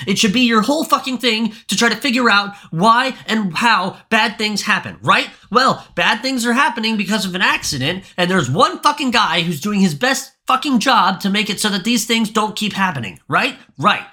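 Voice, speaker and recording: A man co-hosting a podcast, ranting about a movie with profane exasperation and sudden shouts; his voice is going hoarse. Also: sits high. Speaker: podcast co-host.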